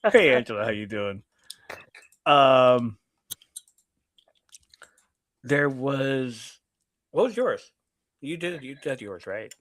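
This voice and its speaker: A man's voice: mid-range voice, expressive, slow pace, long pauses, fairly bright tone, no room sound. A man hosting a live podcast, casually reading viewer messages aloud and laughing often. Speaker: podcast host reading chat. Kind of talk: casual live-stream chat.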